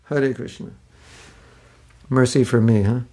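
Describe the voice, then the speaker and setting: A man's voice: medium pitch, fairly even intonation, a little slow, mellow. A man giving a casual online scripture class as teacher, rambling and joking at his own expense. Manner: rambling, self-mocking humor. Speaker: spiritual teacher.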